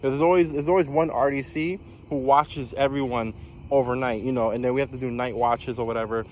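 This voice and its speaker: A man's voice: mid-range voice, fairly even intonation, brisk, darkish tone, a little hiss or hum. A young man casually telling a personal story as a vlogger, rambling and repeating phrases.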